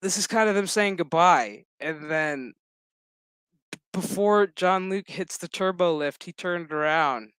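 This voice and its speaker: A man's voice: sits high, a little slow, a bit bright, a little hiss or hum. A man giving a casual, profanity-laced spoken review of a TV series, chatty and laughing often. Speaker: show reviewer.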